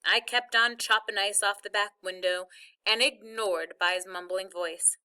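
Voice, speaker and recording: A woman's voice: medium pitch, steady tone, measured pace, bright, forceful tone, smooth. A woman reading a first-person novel chapter aloud as narrator. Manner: plain storytelling.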